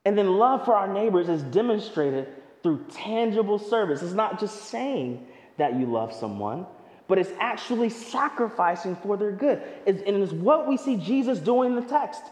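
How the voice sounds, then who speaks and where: A man's voice: high-pitched, lively intonation, normal speed, darkish tone, reverberant, in a large hall. A male pastor preaching a sermon in an emphatic, conversational way with touches of humor.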